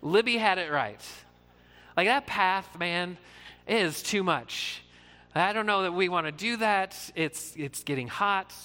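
A man's voice: high voice, animated, unhurried, bright, forceful tone, big-room sound. A man who is a pastor, giving an earnest, conversational sermon with frequent fillers.

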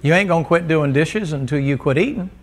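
Folksy preacher, slightly high voice. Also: male voice, a little fast, slight background noise. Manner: folksy, joking storyteller who teases the congregation. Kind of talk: sermon. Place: church before a congregation.

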